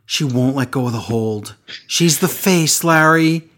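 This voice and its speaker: A man's voice: medium pitch, measured pace, fairly bright tone. A man co-hosting a wrestling podcast, talking in a sarcastic, ranting way and mimicking the people he describes. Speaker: podcast co-host. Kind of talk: casual podcast chat.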